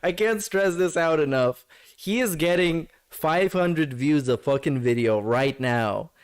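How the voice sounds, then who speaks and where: A man's voice: on the high side, measured pace, clean tone. A man streaming a reaction to a clip, talking back at it with sarcastic, mocking, profane commentary.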